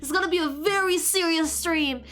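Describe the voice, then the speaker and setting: A woman's voice: extremely high pitch, moderate pace, fairly bright tone. A woman VTuber streamer chatting casually and playfully with her viewers, giggling often. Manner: giggly and playful, reacting to chat. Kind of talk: casual livestream chat with viewers. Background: faint lo-fi background music.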